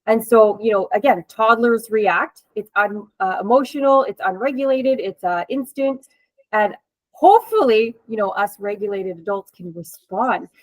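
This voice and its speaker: A woman's voice: mid-range voice, animated, moderate pace, no echo, low-quality recording. A woman hosting an interview and chatting casually as a coach, with a chatty, laughing manner and many fillers. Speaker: host and coach.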